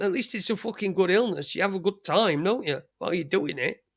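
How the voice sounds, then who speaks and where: A man hosts a casual live stream, swearing freely and rambling through halting restarts. His voice is creaky and sits fairly high for a man, and the sound is dry and close with no room echo.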